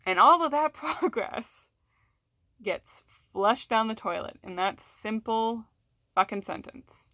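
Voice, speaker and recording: A woman vlogger chats candidly and casually with her audience in a high, animated, bright and forceful voice, speaking slowly. She's frank, swears freely, often restarts sentences and laughs between words. The recording is dry and studio quality.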